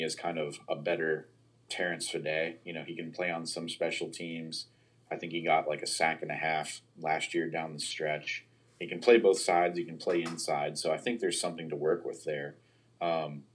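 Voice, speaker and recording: A man's voice: very deep voice, breathy edge. A man talking football roster analysis in a casual podcast chat, hedging often with "you know" and "um". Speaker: sports analyst guest.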